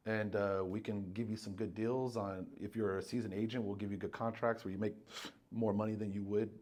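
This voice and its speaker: A man guesting on a podcast, chatting casually as an insurance broker and telling animated stories with plenty of restarts. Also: on the low side, a little fast. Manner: animated storyteller, acts out dialogue; frequent fillers and restarts. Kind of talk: casual chat.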